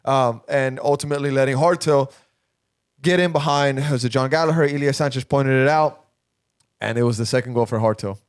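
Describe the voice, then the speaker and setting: A man's voice: mid-range voice, fairly quick, clear, resonant tone, no room sound, clean studio sound. A man hosting a sports podcast in casual chat, breaking down plays and pushing back on bad takes. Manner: chatty, animated, argumentative. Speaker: podcast host.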